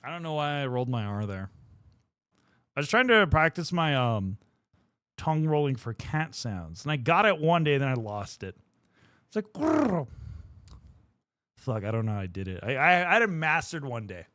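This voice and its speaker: A man's voice: mid-range voice, very animated, moderate pace, a bit bright, smooth, no echo. A young man chatting casually on a livestream while painting miniatures, rambling and swearing freely as he talks to his viewers. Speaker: streamer.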